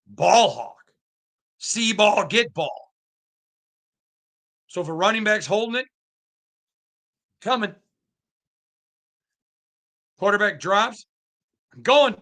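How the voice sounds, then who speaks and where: A man's voice: a little high, pushed and bright. A man hosting a sports podcast, talking emphatically and animatedly with lots of restarts and asides. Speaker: podcast host. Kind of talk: casual sports commentary.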